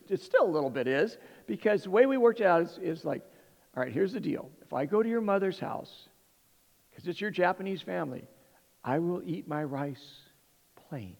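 A man's voice: sits high, gravelly, big-room sound. A middle-aged man from Southern California telling a humorous personal story to an audience, rambling and restarting his sentences. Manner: rambling, self-interrupting, animated. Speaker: speaker addressing an audience.

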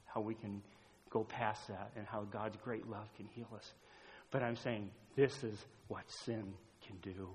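A middle-aged man preaching a sermon as a pastor, swinging between loud urgent appeals and hushed storytelling. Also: fairly low pitch. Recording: echoey hall, dull lo-fi sound.

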